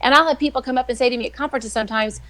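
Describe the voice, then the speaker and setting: A middle-aged woman, a weekly guest who writes devotionals, telling faith stories in a chatty, animated way. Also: high voice, very fast. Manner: chatty, animated, acts out quoted voices. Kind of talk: casual faith storytelling on a live show.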